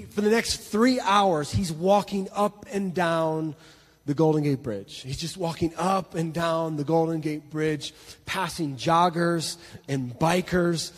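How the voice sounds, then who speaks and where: Emphatic preacher with a husky voice. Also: male voice, high-pitched, long reverb tail. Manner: emphatic, repeats words, swings between loud and hushed. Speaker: pastor. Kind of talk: sermon storytelling. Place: church hall.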